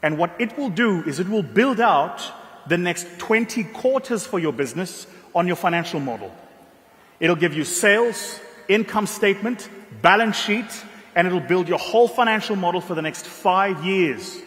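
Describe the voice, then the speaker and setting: A young man from South Africa with a South African accent, giving an emphatic motivational keynote in a ballroom, telling stories with dramatic pauses. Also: high-pitched, animated, fairly bright tone. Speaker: keynote speaker. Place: large ballroom. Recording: long hall reverb.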